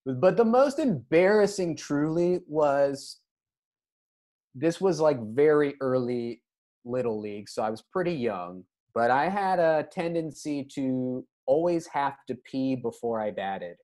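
A man with a medium-pitched voice tells a funny story in casual podcast chat, taking his time. He's animated, acting out the voices of the people in the story.

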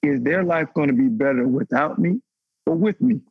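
A man's voice: lively intonation, normal speed, vocal fry, husky, no room sound, narrow, tinny audio. A man in his thirties, a former football player, telling a raw, emotional story on a podcast panel and swearing freely. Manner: raw, emotional, profane, pitch climbing when stirred.

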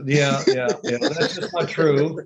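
A man in his sixties talks casually as a podcast guest, spinning wry, chatty stories from his playing days. His voice sits a little higher than most men's. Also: steady tone, slow pace, a loud crowd. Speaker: guest, former pro quarterback.

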